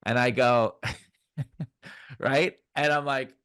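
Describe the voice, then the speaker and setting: Guest comic from New York, relaxed anecdotes, average pitch, dry mic. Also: male voice, normal speed, no room sound. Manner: recounts stories, quoting people. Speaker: guest comedian. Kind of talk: casual chat.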